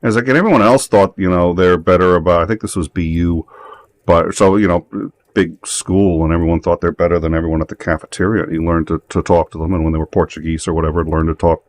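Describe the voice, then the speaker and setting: A man's voice: sits low, steady tone, quick pace. A man telling a story in casual chat, rambling along with many fillers and restarts.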